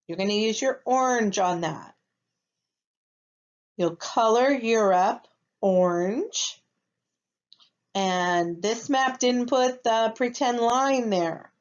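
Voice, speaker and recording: A woman teaching a first grade lesson, speaking patiently and checking in with her young students. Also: a little high. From United States. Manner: patient, slow, checks in with "okay?". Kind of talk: recorded classroom lesson. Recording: slightly dull lo-fi recording.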